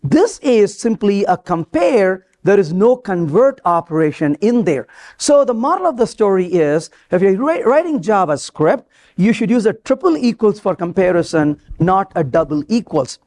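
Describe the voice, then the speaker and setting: Lively man giving a conference talk. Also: high-pitched, moderate pace. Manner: lively, questions the audience, jokes. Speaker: conference speaker. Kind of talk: live technical talk. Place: conference hall before an audience.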